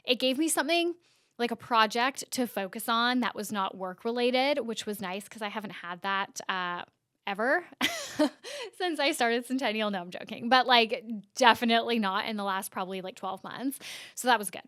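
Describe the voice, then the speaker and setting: A woman with a fairly high, smooth, clear voice hosts a casual news-recap podcast, recorded close and dry. She talks in a chatty way, full of "like" and "so anyways". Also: lively intonation, moderate pace, fairly bright tone, dry recording. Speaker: host of an internet-news podcast.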